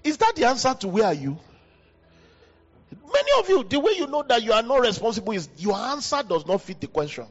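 Male pastor, West African accent, husky and lively delivery, hall reverb on a dull recording. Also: a little fast. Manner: animated preaching, jumps high in pitch for emphasis. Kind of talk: sermon. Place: church hall. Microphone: handheld mic.

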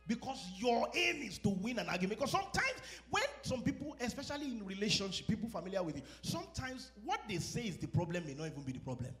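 Animated high-voiced pastor preaching. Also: male voice, fast talker, few pauses. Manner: animated, acts out quoted exchanges and laughs at his own stories. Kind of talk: sermon.

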